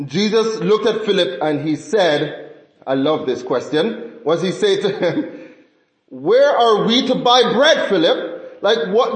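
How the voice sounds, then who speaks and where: A man with a fairly high voice teaches scripture in a relaxed sermon style. He talks conversationally and often puts questions to his listeners. His voice carries a noticeable room echo. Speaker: Bible teacher. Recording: roomy echo.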